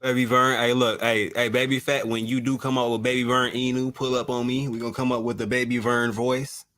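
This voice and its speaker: A man co-hosting a casual livestream chat, playful and teasing with loud excited bursts. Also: medium pitch, fairly quick. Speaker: livestream co-host.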